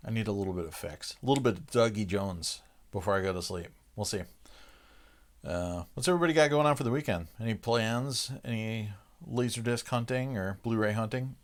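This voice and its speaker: This livestream host has a lowish voice and talks a little fast as he chats casually with live chat viewers. He stays relaxed, chuckling between rambling sentences packed with "uh" fillers.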